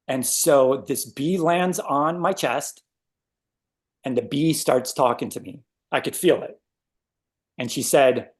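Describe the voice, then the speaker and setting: A man casually telling a personal story as a guest, animated and acting out his own reactions. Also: mid-range voice.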